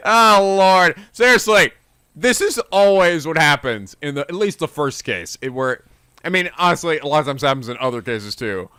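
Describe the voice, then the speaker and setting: A man hosting a let's play, commenting excitably with swearing and laughing asides. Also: a little high, moderate pace, clear, resonant tone, dry recording, clean studio sound. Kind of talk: game commentary.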